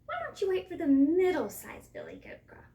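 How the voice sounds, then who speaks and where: Woman voicing a small frightened storybook billy goat, high and pleading. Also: huge pitch swings, moderate pace, warm tone, recorded from a distance, full character voice. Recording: echoey room, off mic.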